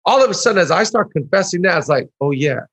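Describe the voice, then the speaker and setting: A man's voice: high voice, animated, fast, fairly bright tone, breathy edge, no room sound. A man, a pastor guest on a podcast, talking earnestly in casual conversation and acting out prayers in quoted voices.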